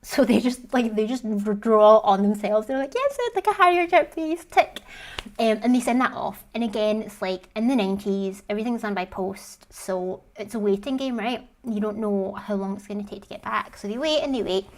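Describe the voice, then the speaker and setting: A woman's voice: mid-range voice, steady tone, a little fast, hardly any pauses, a little mellow. Chatty woman retelling a story. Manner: chatty, swears often, says "like" a lot. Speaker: video host. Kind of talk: casual storytelling commentary.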